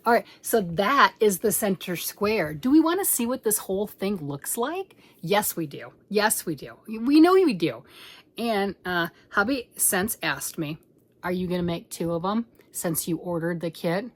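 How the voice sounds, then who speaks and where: An excitable middle-aged woman chats casually about her crochet work as she holds it up at home. Her talk runs fast and bubbly, and now and then she drops her voice to a hushed whisper. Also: mid-range voice, dry recording. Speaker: crochet channel host. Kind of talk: casual show-and-tell chat.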